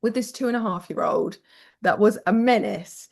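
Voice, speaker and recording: A woman's voice: medium pitch, normal speed, creaky, a little mellow. A British woman guest telling parenting stories frankly, swearing casually and acting out quoted voices. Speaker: podcast guest. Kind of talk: candid conversational storytelling.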